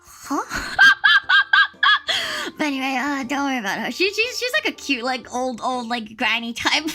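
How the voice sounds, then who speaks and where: A young woman telling a story casually on a livestream. She is animated and exclamatory, with lots of filler words. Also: high voice, moderate pace, soft background music. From Australia. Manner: animated, exclamatory, many fillers and bursts of laughter. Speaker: livestream host.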